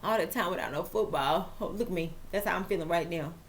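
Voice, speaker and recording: A woman's voice: on the low side, quick pace. A woman hosting a chatty football vlog, playful and dramatic. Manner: lively, playful, dramatic asides. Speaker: vlog host and author.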